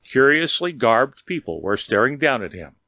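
A man reading a story aloud in a steady, measured storytelling manner. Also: mid-range voice, no echo. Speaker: narrator. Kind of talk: audiobook reading.

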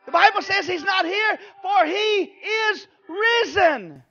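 A male pastor preaching an Easter sermon in a church, fervent and emphatic, swinging from quiet asides to shouted exclamations. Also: extremely high pitch, lively intonation, slow, few pauses, highs cut off. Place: church sanctuary.

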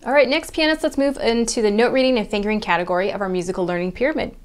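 A woman's voice: mid-range voice, very fast, clean tone. Patient woman piano teacher. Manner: patient, methodical explaining, counting beats aloud. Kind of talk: step-by-step music lesson.

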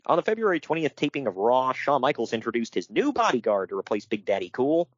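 A man's voice: mid-range voice, sing-song, fast, dry recording, dull audio. A man co-hosting a casual podcast, reading from his notes and riffing on them with wry asides and frequent laughter. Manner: wry, laughs often, reads notes then riffs. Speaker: podcast co-host.

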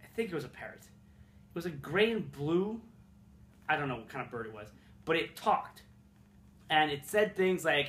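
With a fairly high pitch and lively intonation, this young Montreal vlogger rambles and curses through amusing childhood memories, making fun of himself along the way. He talks at a normal speed in a sharp tone, and his apartment room sounds echoey.

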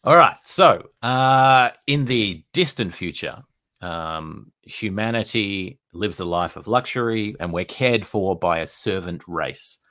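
A man's voice: fairly low pitch, animated, slow, bright, forceful tone, no room sound. A man with an Australian accent hosting a podcast interview, asking playful quiz-style questions. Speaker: podcast host.

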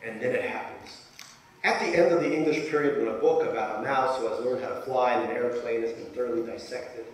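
A man's voice: mid-range voice, a little fast. A Soviet-born male author reads from his memoir to a live audience with dry, self-deprecating humor. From Soviet Union. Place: large lecture hall. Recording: echoey hall from far off.

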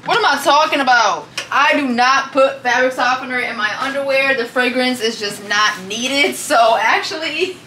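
A young woman with a drawl talking to her vlog from a home kitchen. Her voice is bright and fairly high, lively and teasing, and she keeps calling people baby. A faint hiss sits under the recording. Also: moderate pace, few pauses. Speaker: vlogger. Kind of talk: casual vlog chat.

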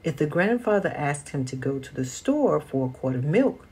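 A woman reading a children's picture book aloud as a storyteller, slow and expressive. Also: sits low, slightly rough.

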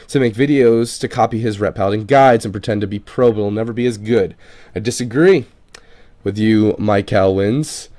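A gaming video creator with a mid-range, somewhat mellow voice reads viewer comments aloud for his channel. He's loose and profane, swearing casually and stumbling over unfamiliar names.

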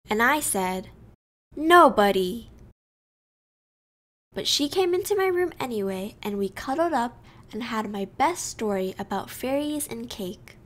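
A woman reading a children's picture book aloud, slow and expressive, telling it in a child's first-person voice. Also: fairly high pitch. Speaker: storyteller. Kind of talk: children's storybook read-aloud.

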